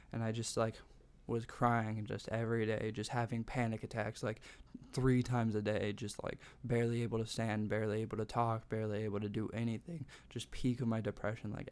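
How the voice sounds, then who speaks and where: A man's voice: mid-range voice, darkish tone. A young man vlogging from his bedroom, telling a personal story in a rambling, casual way, full of "like" and swearing. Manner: rambling, heavy use of "like", sweary.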